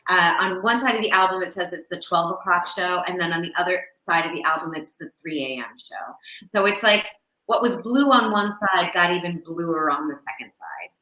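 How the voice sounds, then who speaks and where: Woman host, bright and lively, telling bawdy jokes in a roomy space. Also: fairly low pitch, fairly quick. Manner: lively, animated delivery. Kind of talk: telling old dirty jokes, casual chat. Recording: echoey room.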